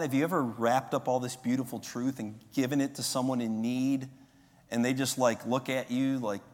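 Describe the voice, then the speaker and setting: Preaching man in an echoey sanctuary. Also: mid-range voice. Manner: conversational preaching, rising to loud emphatic bursts. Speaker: pastor. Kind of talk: sermon. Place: church sanctuary. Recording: long hall reverb.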